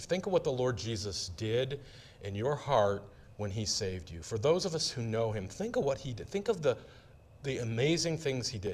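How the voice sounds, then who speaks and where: A man preaching a sermon, stressing his points by repeating phrases. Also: mid-range voice. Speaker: pastor.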